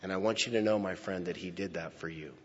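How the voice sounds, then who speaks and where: A male pastor preaching a sermon, slow and emphatic, swinging from loud declarations to hushed near-whispers. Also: sits low. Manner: slow, emphatic phrasing with pauses. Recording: lo-fi with long hall reverb.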